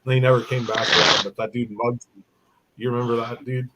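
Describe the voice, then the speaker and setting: A man's voice: mid-range voice, flat delivery, a little fast, heavy background noise. A man in casual chat, telling long, rambling stories full of swearing and fillers. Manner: rambling, profane storytelling with frequent fillers. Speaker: podcast host.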